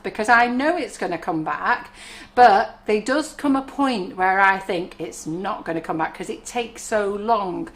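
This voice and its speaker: A middle-aged woman with a medium-pitched, unhurried, slightly bright voice owns a baking shop and is live streaming from its kitchen. She chats and rambles through stories while showing off her baking products.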